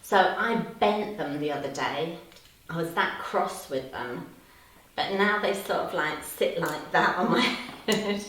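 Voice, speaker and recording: Woman in her 50s, low voice, live-chat host who reads out comments and laughs a lot; distant mic in an echoey room with faint hiss. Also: takes it slowly. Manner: chatty, laughs often, answers comments warmly. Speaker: livestream host. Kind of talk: casual livestream chat reading viewer comments.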